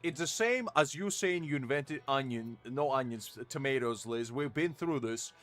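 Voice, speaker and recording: A man's voice: mid-range voice, animated, normal speed, a bit bright, faint music behind. A man streaming a game, teasing and arguing with chat in playful mock outrage. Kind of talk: casual live-stream banter.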